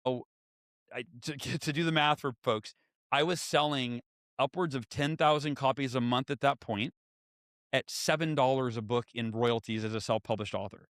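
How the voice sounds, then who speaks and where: A man in his forties telling stories as a podcast guest and author, lively and acting out what others said. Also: mid-range voice, moderate pace, no echo, studio quality. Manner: animated, acts out quoted voices. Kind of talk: storytelling in conversation.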